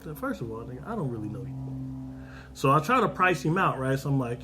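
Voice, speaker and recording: A man's voice: mid-range voice, sing-song, quick pace, music in the background. A man, hosting a podcast, who tells a story in casual, profane slang with many "right?" asides. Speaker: podcast host telling a story.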